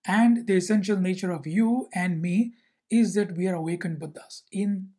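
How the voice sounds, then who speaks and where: A teacher telling a Zen story and explaining it in a measured way, often asking "see?". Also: mid-range voice, warm tone, slightly rough. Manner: measured, repeats rhetorical questions and "see?".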